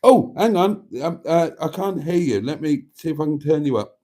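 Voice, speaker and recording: Chatty live-stream host, male, mellow and warm, rambles freely. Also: on the high side, expressive, normal speed. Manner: rambling, chatty, laughs easily. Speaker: channel host. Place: motorhome.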